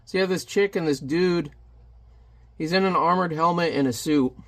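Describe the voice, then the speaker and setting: A man's voice: on the high side, normal speed, fairly bright tone. A man casually reviewing a comic, chatty and joking as he narrates the panels. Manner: chatty, jokey asides.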